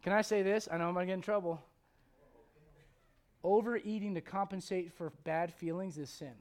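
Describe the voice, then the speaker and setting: High-voiced, fiery male pastor preaching. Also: steady tone, moderate pace. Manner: impassioned, swinging from loud outbursts to hushed intensity; blunt and confrontational. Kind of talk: sermon.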